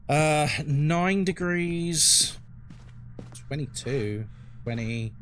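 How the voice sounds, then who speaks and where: A man's voice: medium pitch, lively intonation, a little slow, a bit bright, a little hiss or hum. A man with a London accent, chatting frankly on a live game stream and answering his chat as he plays. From England.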